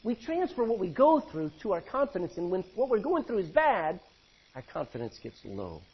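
A man's voice: high-pitched, wildly swooping pitch, normal speed, husky. A man preaching a sermon in a folksy, conversational way, with personal stories and asides. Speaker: pastor. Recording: dull lo-fi recording.

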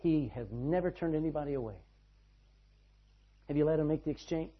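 Male preacher, husky and a little high-pitched, dramatic loud-soft delivery; muffled lo-fi recording. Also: fairly quick. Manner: dramatic swings between loud and hushed. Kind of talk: sermon. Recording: dull lo-fi sound.

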